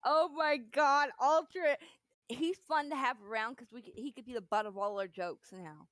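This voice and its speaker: A woman banters playfully on a casual livestream and teases her co-host. Her voice sits a little high. The sound is close and dry. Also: animated, a little fast, a bit bright, no room sound. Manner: playful and teasing. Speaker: podcast co-host.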